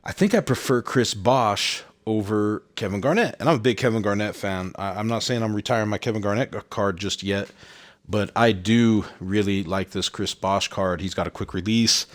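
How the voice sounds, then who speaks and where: Breathy, chatty male game streamer. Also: lowish voice, moderate pace. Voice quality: audible heavy breathing. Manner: chatty, rambling, repeats phrases. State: slightly out of breath. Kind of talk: casual live-stream chat.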